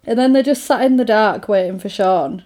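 Woman co-host, mid-pitched, chatty and animated film recap. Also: moderate pace. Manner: animated storytelling, laughs often. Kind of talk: casual chat recapping a film.

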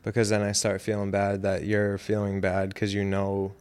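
Laid-back male guest, low and smooth, hesitant, dry wit. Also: completely flat delivery, moderate pace, darkish tone. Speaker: guest, host's husband. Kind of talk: casual chat.

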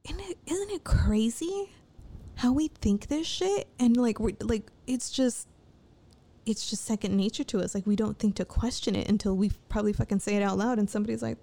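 A woman vlogging in a loose, late-night ramble. Her voice is mellow and dark with a gravelly fry running through it. She talks frankly, swears often and keeps restarting her sentences as she thinks aloud. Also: on the high side, normal speed. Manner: candid, profane, rambling with frequent restarts.

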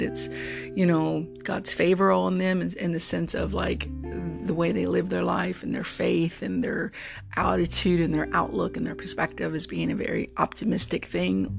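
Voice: mid-range voice, creaky. A podcast host in their forties, telling stories in an earnest, meandering way in a casual solo monologue. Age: 40s. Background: guitar music.

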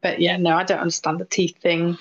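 A woman's voice: lowish voice, level tone, a little fast, highs cut off. A woman co-hosting a podcast in casual chat, blunt and teasing. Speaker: podcast co-host.

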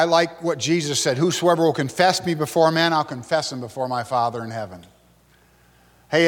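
A man preaching an expository sermon from the pulpit, animated, swinging between loud outbursts and hushed asides. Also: a little high, in a large hall. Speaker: pastor.

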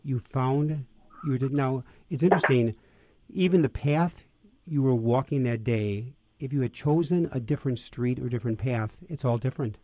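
A man's voice: medium pitch, moderate pace, warm tone, slight background noise. A man, a priest, asking questions in a thoughtful, reflective way. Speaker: priest interviewer. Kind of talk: interview conversation.

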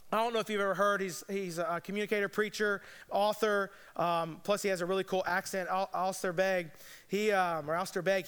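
A man's voice: high-pitched, a bit bright, clean tone. Man, pastor, conversational sermon, long church-hall reverb, resonant tone. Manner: conversational, earnest preaching with casual asides.

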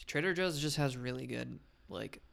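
A man's voice: medium pitch, expressive, normal speed, gravelly, fairly bright tone. A man co-hosting a podcast, teasing and rambling in casual chat. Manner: laid-back, teasing, rambling. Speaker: podcast co-host.

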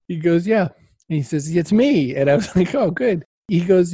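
Male interview guest, lively anecdotal delivery, slightly high mellow voice, dry close sound. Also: normal speed, slightly rough, no room sound. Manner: animated anecdotes, acts out quotes, laughs often. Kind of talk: casual storytelling in an interview.

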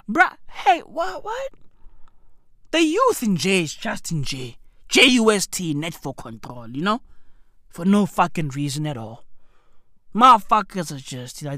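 A woman's voice: medium pitch, fairly bright tone, no echo. A woman hosting a podcast, ranting in a profane, repetitive way, close to the mic. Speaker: podcast host.

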